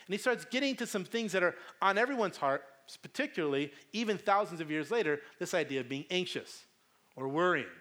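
Male pastor, middle-aged, high and lively, animated storyteller for a sermon. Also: brisk. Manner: animated storytelling with acted-out voices.

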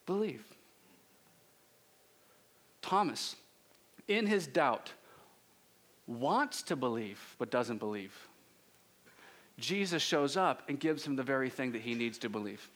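A male pastor preaching a conversational sermon with rhetorical questions and drawn-out pauses. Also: mid-range voice, big pitch swings, a bit bright.

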